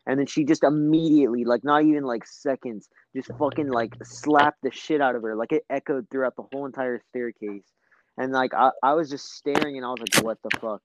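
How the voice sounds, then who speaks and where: A man's voice: medium pitch, brisk, muffled recording, slight background noise. A young man telling a long story in casual chat, rambling with lots of fillers and swearing.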